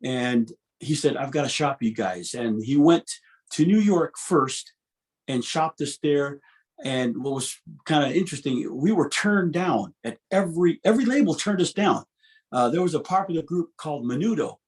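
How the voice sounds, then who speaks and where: A man in his fifties, appearing as a guest musician, recounts stories for an interviewer at a moderate pace and fairly high pitch. Animated throughout, he restarts often and laughs between stories.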